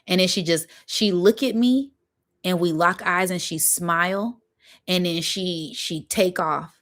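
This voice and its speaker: Animated woman telling a story casually. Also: lowish voice, a little slow. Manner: animated, slangy, with sound effects. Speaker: vlogger.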